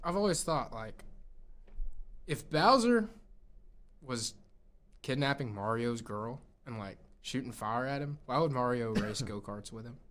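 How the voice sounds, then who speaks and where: A young man co-hosting a casual film podcast, jokey and excitable. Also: medium pitch, unhurried, long pauses, a little hiss or hum. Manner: jokey, excitable, bursts into silly shouts. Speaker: podcast co-host.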